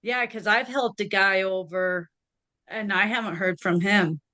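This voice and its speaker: A woman's voice: medium pitch, steady tone, a little slow, bright, forceful tone. A woman hosting a podcast, chatting casually with her guest. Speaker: podcast host. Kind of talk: casual chat.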